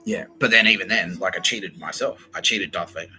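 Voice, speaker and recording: A man's voice: low voice, brisk, pushed and bright, faint music behind, poor audio. A man hosting a podcast, telling a rambling, profane comic story with frequent laughs. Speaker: podcast host. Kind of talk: rambling comedic monologue.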